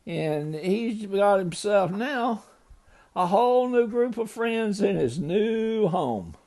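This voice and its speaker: A man's voice: sits high, lively intonation, takes it slowly, a little mellow. An older man, a grandfather, loosely retelling a children's story to a grandchild, ad-libbing with small slips.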